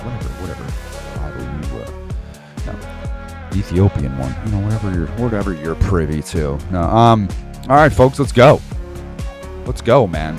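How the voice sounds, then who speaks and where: A man's voice: low-pitched, lively intonation, moderate pace, music in the background. A man hosting an online Bible study, ranting heatedly and rambling in slang, laughing to himself between points. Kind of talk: casual ranting commentary.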